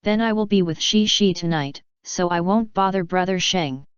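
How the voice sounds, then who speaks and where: Woman reader as a blunt young woman, deep-ish and plain, muffled lo-fi. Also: normal speed, smooth, no echo, lightly acted. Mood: generous. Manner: blunt, direct. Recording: slightly dull lo-fi recording.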